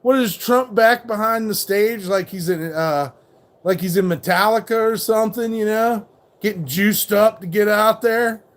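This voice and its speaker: A man hosting a live stream, ranting in a rambling, profane and mocking way while reacting to chat. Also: high-pitched. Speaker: livestream host.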